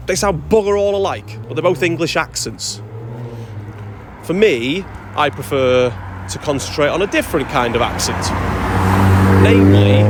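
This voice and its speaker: Wry Flintshire Welshman, traffic behind. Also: on the high side. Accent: North-east Welsh, Flintshire. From Flintshire, North Wales. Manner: wry, chatty, mildly sweary. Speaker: Welsh language creator. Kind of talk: casual talking-head explainer.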